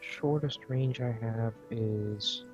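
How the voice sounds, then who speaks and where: A tabletop gamer on a voice call with a voice of ordinary middle pitch. They joke around with the group and break into laughter. Faint music plays underneath. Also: takes it slowly, darkish tone, breathy edge, muffled recording. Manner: jokey, laughs, quotes lines. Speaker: player in a tabletop game. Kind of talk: casual chat over voice call.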